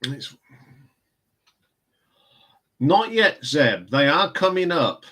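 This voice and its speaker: A man's voice: fairly high pitch, big pitch swings, very slow, sharp tone, husky. A man in casual, rambling chat, hosting a live stream from home. He answers viewer comments as they come in, chuckling often. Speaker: live stream host reviewing records.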